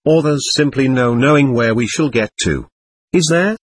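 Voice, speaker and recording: A man voicing an excitable, proud nobleman under police questioning, talking on and on in a defiant way. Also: mid-range voice, moderate pace, husky, dry recording, lightly acted. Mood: effusive. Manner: voluble, defiant, laughing nervously.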